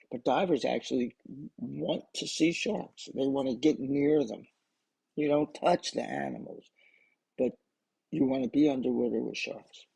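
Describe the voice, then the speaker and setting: A man's voice: mid-range voice, creaky, mellow, slightly rough, low-quality recording. An older man telling a personal story in a casual, rambling way, often restarting and adding asides. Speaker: storyteller recording memories for his grandchildren.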